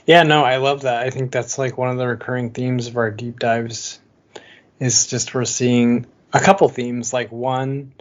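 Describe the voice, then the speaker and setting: A chatty man co-hosting a podcast, talking loosely with plenty of "like" fillers and frequent laughter. His voice sits at an everyday middle pitch. The audio is slightly dull, missing some top end. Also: steady tone, unhurried. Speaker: podcast co-host. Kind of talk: casual chat.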